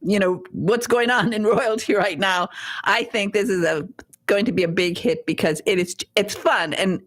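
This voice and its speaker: A woman's voice: medium pitch, normal speed. A woman hosting a radio interview in a studio, effusive and full of praise for her guest. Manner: effusive, praising, laughs often. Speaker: radio show host.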